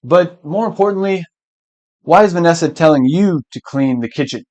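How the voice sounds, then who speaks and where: A man's voice: a little high, lively intonation, moderate pace, darkish tone, pitched above the performer's own voice, lightly acted. A man voicing a puzzled male office boss in a teaching skit, questioning and mildly stern.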